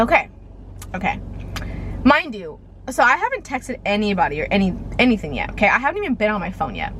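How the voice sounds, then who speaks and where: A woman's voice: mid-range voice, a bit bright, a little hiss or hum. A young woman vlogger telling a rambling storytime, filling her talk with "like" and "okay". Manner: chatty, rambling, heavy use of "like" and "okay". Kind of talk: storytime vlog.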